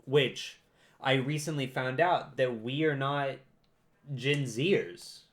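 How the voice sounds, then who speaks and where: A man's voice: mid-range voice, slow pace. Rambling, chatty young man. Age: young adult. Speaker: podcast co-host. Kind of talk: casual chat.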